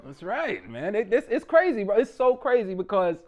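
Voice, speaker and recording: Guy doing stand-up in his living room, high lively voice, cussing and riffing. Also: normal speed, lo-fi sound. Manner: loose, profane street talk, animated delivery. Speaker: stand-up comedian. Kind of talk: stand-up comedy set. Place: small living-room stage.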